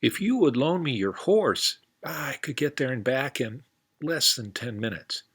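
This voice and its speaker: Man doing a sly coyote trickster, wheedling, soft-spoken, gravelly, storybook. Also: medium pitch, lively intonation, a little slow, voice pushed up, full character voice.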